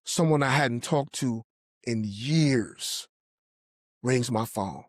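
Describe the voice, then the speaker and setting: Man, earnest storyteller, faith testimony, middle pitch, dry close sound. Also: slow pace, long pauses, dry recording. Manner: earnest storytelling, acts out the voices of people he quotes. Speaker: podcast guest telling his testimony.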